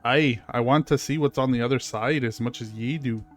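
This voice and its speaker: A man's voice: mid-range voice, fairly quick, soft background music, lightly acted. A man voicing a proud, grieving male red squirrel warrior in a put-on Scottish accent, speaking solemnly in old-fashioned words. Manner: solemn, old-fashioned speech with "nay" and "aye".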